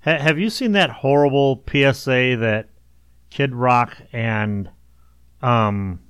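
A man's voice: mid-range voice, slow, fairly bright tone, smooth, no room sound. Chatty podcast man, dry sound. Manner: laughs often, chatty, swears. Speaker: podcast co-host. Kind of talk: casual comedic chat.

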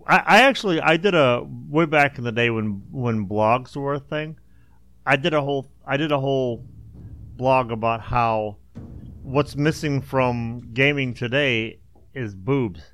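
A man hosting a casual chat, telling crude, animated jokes. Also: medium pitch, measured pace.

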